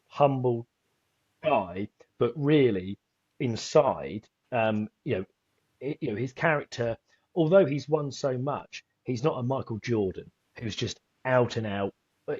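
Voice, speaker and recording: Rambling man with a husky voice on a dull dry mic. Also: dry recording. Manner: rambling, animated, jumps into high put-on voices when quoting. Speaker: podcast co-host. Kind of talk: casual F1 podcast chat.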